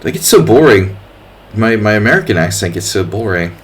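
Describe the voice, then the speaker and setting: A man's voice: lowish voice, very animated, brisk. A man commentating his own online chess games to viewers in a jokey, casual way, teasing opponents with playful asides. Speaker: chess streamer. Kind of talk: casual commentary while playing.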